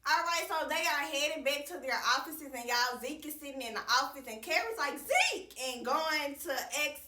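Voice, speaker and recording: High bright-voiced woman, chatty recapper. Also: normal speed, roomy sound, far from the mic. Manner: chatty, slangy, addresses viewers as y'all, swears freely. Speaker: TV recap reviewer. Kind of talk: casual episode recap.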